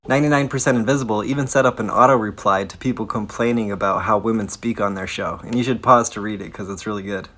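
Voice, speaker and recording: A man with a low, husky voice that sits in vocal fry gives a casual science explainer. He talks bluntly and with strong opinions, dropping swear words in passing. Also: fairly bright tone. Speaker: science video creator.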